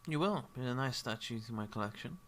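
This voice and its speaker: A man's voice: mid-range voice, lively intonation, fast talker, fairly bright tone, a little hiss or hum, natural voice. A man playing a gloating old hermit sorcerer.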